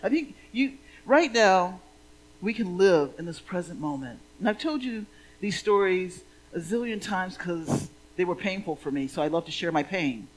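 Woman minister delivering a relaxed, playful, conversational sermon. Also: lowish voice, moderate pace, low-quality recording.

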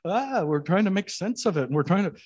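A man's voice: sits high, animated, brisk, darkish tone, slightly rough. A man giving a sermon as minister, conversational and telling jokes along the way.

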